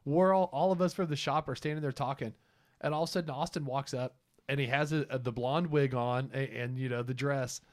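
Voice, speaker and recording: A man recounting events on a beer podcast, halting with lots of fillers. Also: mid-range voice, fairly even intonation. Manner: halting, filler-heavy storytelling. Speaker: podcast co-host. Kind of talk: casual storytelling chat. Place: brewery studio.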